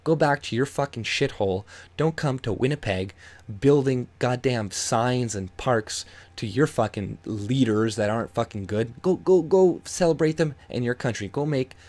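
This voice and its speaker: A man's voice: mid-range voice, normal speed, darkish tone. A man ranting angrily and sarcastically with heavy swearing while reading out and reacting to a news article. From Canada. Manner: angry, profane, sarcastic ranting. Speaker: YouTube commentator.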